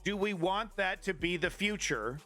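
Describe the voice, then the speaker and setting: A man's voice: high voice, lively intonation, normal speed, bright, forceful tone, faint music behind. A man ranting about politics on a live stream, profane and flippant, often restarting his sentences. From Canada.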